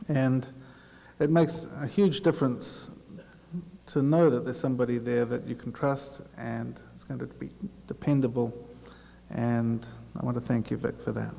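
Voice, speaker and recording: A New Zealand man gives a tribute speech with dry, self-deprecating humour. His voice is gravelly and mellow. The sound is muffled, with long hall echo. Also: medium pitch, fairly even intonation, normal speed, slight background noise. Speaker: after-dinner speaker. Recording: echoey hall PA, dull.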